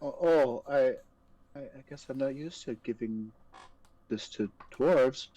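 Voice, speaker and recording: A man playing a tabletop game, describing his actions haltingly. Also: medium pitch, warm tone, no room sound, poor audio. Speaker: player. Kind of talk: casual game chat.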